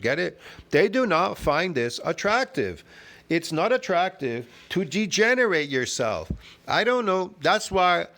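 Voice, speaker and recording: A combative man argues with a video he is reacting to, tossing in "bro" and "get it?" as he goes. His voice sits fairly high for a man and stays scoffing and insistent throughout. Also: a bit bright. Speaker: fitness vlogger reacting to a video. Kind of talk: argumentative reaction commentary.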